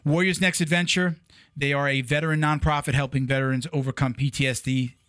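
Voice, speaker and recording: A podcast host chatting casually, a man whose voice comes across bright and forward. He rambles, circling back with restarts and fillers. The sound is close and dry, with almost no room. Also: a little high, level tone, brisk, dry recording. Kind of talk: casual chat.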